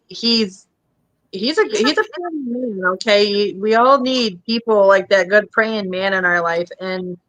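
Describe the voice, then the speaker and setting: Bright-voiced Midwestern woman with Minnesota accent. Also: mid-range voice. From American Midwest. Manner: chatty, rambling, frequent fillers. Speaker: podcast host. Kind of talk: casual chat.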